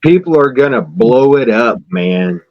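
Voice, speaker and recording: Guy preaching a bit on a podcast, real slow and lively, kinda muffled lo-fi audio. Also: medium pitch, crowd noise. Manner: emphatic preacher-like delivery, blunt and straightforward. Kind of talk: casual podcast chat.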